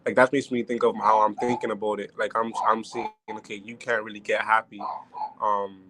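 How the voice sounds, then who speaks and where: A man asking a hesitant question during a live study session, with many pauses and restarts. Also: on the low side, little pitch movement, background noise. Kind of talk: casual question on a live stream.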